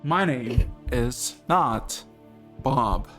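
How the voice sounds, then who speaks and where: A disembodied machine entity speaks in a dead monotone, as a man puts it on during a tabletop game. It sits at a middling pitch, slow and deliberate, and stays stubbornly literal. Soft music plays faintly behind it. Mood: flat.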